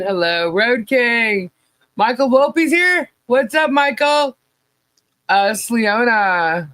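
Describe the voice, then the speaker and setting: Hoarse woman hosting a relaxed livestream. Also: a little high, dry recording. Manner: chatty, laughs often while greeting viewers. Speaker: podcast co-host. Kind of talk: casual livestream chat.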